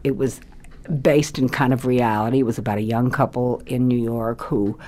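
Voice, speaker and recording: An older woman, a former radio actress, reminiscing in an interview as an animated storyteller who laughs readily. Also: rumbling low, moderate pace. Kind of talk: reminiscing conversation.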